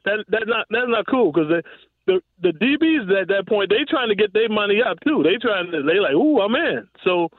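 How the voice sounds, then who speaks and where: A man's voice: high-pitched, animated, normal speed, dry recording. Chatty ex-athlete man on a tinny line. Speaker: former pro football receiver, guest. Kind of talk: casual storytelling interview. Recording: dry, tinny phone-like line.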